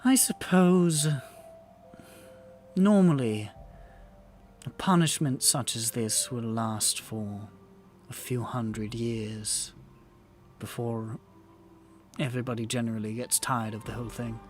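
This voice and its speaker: GM doing a low, quiet, regal fairy queen, dry and unhurried. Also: fairly even intonation, slight background noise, close to an everyday voice. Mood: measured. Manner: slow, measured, dry.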